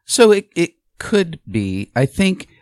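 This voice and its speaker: Animated, laughing male podcast host. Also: a little high, takes it slowly, dry recording, clean studio sound. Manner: animated storyteller, laughs often. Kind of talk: casual political chat.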